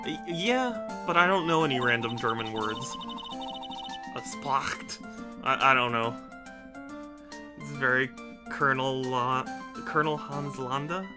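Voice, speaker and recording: A man's voice: medium pitch, animated, unhurried, over music. Rambling self-mocking male streamer. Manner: self-deprecating, rambling, stammering. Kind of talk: casual game stream chat.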